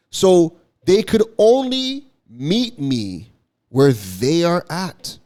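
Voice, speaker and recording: This man from Toronto, Canada has a Toronto accent and a mid-range, darkish voice. Working as a marketing content creator, he delivers emphatic commentary to the camera, repeating his points and often asking "right?"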